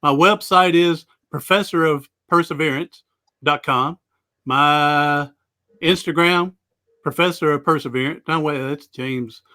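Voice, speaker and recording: A male guest, a motivational speaker, chats casually in an interview with a bright, fairly high voice. He is unhurried and easygoing, rambling along with frequent "uh"s and restarts.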